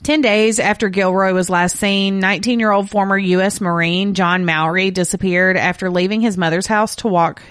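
A woman's voice: mid-range voice, steady tone, normal speed, few pauses, a bit bright, clear, resonant tone, dry recording, clean studio sound. A woman hosting a true crime podcast, reading case details and breaking off into blunt, profane asides. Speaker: podcast co-host telling the case.

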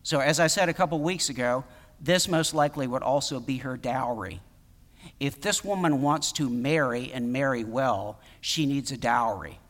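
Emphatic preacher in an echoing hall. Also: male voice, medium pitch, a bit bright. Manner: conversational, emphatic, with many fillers and restarts. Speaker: pastor. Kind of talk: sermon.

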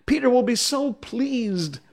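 A man voicing a tiny, jealous, spiteful female fairy with a shrill, screaming voice. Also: animated, slow, vocal fry, exaggerated voice.

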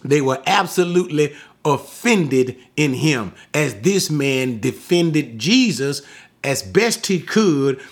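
A man's voice: on the high side, lively intonation, slow. A man teaching the Bible verse by verse, emphatic and repetitive, stopping often to ask his listeners rhetorical questions. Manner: emphatic, repeats points, asks rhetorical questions.

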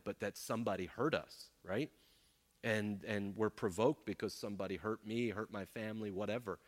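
A man preaching a sermon as pastor, emphatic and fond of rhetorical "right?" checks. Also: low voice. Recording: long hall reverb.

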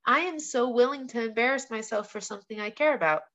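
A woman's voice: a little high, fast talker, fairly bright tone. A young woman, a professional fighter and guest, chatting casually in an interview. She tells stories candidly and animatedly, with a lot of "like" and some swearing. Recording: slightly muffled, lo-fi podcast audio.

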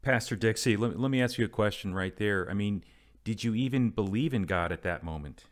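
A man's voice: lowish voice, a little fast. A man hosting an interview, politely breaking in to ask questions. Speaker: radio interview host.

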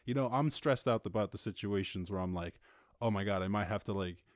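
A man hosting a podcast, telling a rambling, animated story in a casual monologue. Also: a little fast, no room sound, studio quality. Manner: rambling, animated, mimics others in high voices. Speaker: podcast host.

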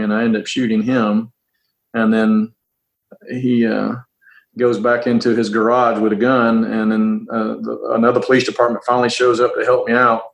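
A middle-aged man, a police officer, telling a personal story in a halting, earnest way, often repeating words and starting over. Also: mid-range voice, a bit bright, poor audio.

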